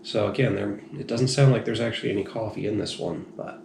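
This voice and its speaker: A man's voice: lowish voice, steady tone, fast, vocal fry. A man reviewing beer in a rambling, frank, self-deprecating way, a little tipsy. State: slightly tipsy. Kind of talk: casual review monologue. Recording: echoey room, faint noise.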